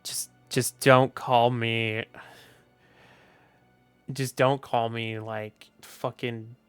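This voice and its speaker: A man with a Southern US accent chatting casually on his stream, loose, profane and quick to laugh. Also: mid-range voice, flat delivery, clean tone, dry recording, faint music behind. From Southern United States. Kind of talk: casual livestream chat.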